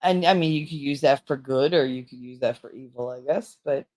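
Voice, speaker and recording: Low-voiced chatty woman host. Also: fairly quick, a little mellow. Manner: chatty, rambling, frank and joking. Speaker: livestream host. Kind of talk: casual chat with viewers.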